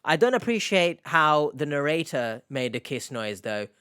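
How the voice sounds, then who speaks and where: A man riffs through a casual reaction commentary with a sarcastic, mocking edge. His voice sits a little high and comes across smooth and clean. The sound is close and dry, with no room around it. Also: sing-song, moderate pace, sharp tone, dry recording. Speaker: online reaction host.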